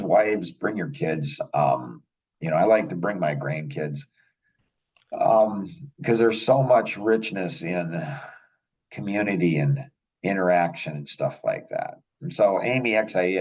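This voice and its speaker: A man's voice: sits low, lively intonation, unhurried, darkish tone, breathy edge, distant mic, low-quality recording. An older man hosting a podcast, telling rambling anecdotes in casual chat and chuckling often. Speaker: podcast host.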